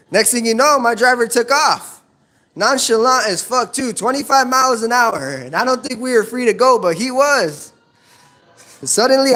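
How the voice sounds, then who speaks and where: A male comic works a small club stage through a handheld mic. His voice sits high, and the delivery is loose and profane, broken up by laughs at his own jokes. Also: bright, forceful tone. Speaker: stand-up comedian. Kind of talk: stand-up set.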